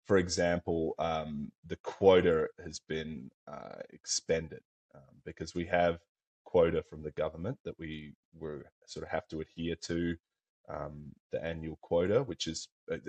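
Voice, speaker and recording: A man's voice: sits low, a little mellow. A man from Australia with an Australian accent, a professional hunter talking in a thoughtful, rambling way, full of fillers, as a podcast guest. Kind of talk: casual conversation.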